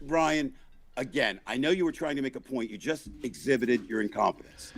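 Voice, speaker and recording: A man hosting a comedic political chat show, loudly mocking and exasperated as he rants. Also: medium pitch, normal speed. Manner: loud, mocking, exasperated ranting. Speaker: podcast host.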